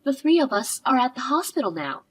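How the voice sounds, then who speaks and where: A woman narrating a scripted story in a measured, expressive way. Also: sits high, husky. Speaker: narrator voicing the wife.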